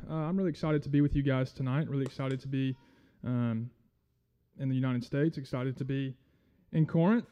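Male guest preacher, fairly high voice, friendly and halting, on a dull lo-fi recording. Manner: friendly, self-deprecating, halting with many fillers. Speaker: guest church speaker. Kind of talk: casual sermon.

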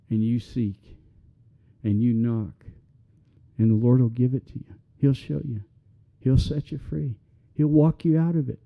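A man's voice: medium pitch, fairly even intonation, unhurried, vocal fry, lo-fi sound. A middle-aged man preaching a sermon as a pastor, talking in an earnest, conversational way that builds to passionate appeals.

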